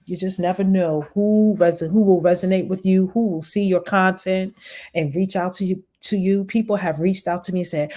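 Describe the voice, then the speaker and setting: A woman's voice: fairly low pitch, fairly even intonation, dark tone. A woman with a New York accent, an online business coach giving chatty, encouraging advice to viewers on a live stream. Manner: fast-talking, encouraging, chatty.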